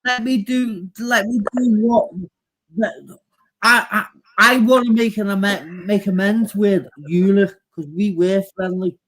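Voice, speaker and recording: Very high-voiced stammering man. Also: fairly even intonation, a little slow, fairly bright tone, low-quality recording. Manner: stammering, repeats words. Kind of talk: casual live chat.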